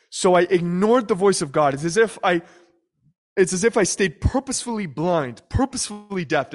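A young man with a high-pitched, lively voice preaches a sermon a little fast. He tells a personal story and acts out the voices of the people in it, including their prayers and quotes.

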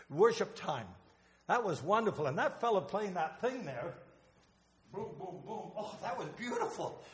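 A man's voice: high voice, fairly bright tone. An older man preaching a sermon in a church, emotional and rambling, with restarts and asides. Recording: long hall reverb.

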